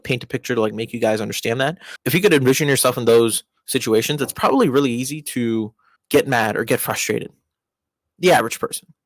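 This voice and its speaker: A young man talks through everyday advice in a loose, rambling way, restarting his sentences and leaning on fillers. His voice sits at a middle pitch and jumps up sharply when he stresses a point. The sound is dry and close, with no room echo. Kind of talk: casual advice monologue.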